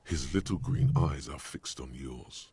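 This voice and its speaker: Gravelly, deep game narrator. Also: male voice, measured pace, mellow, exaggerated voice. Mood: ominous. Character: gruff inner narrator voice of a detective, male. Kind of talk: video game voice acting.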